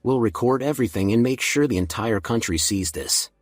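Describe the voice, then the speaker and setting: A man's voice: medium pitch, expressive, brisk, no echo, clean studio sound, lightly acted. A man voicing an earnest young woman reporter who protests, in a comic recap.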